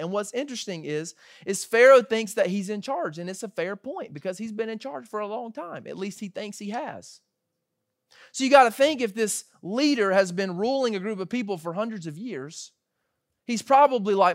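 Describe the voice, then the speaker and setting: A man in his thirties preaching a sermon in a conversational, animated way, acting out quoted voices as he tells the story. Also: high-pitched, moderate pace, dry recording, studio quality. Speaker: pastor.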